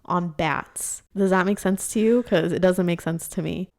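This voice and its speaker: Gravelly young woman chatting. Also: fairly low pitch, moderate pace. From United States. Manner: chatty, emphatic, swears. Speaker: podcast co-host. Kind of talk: casual chat.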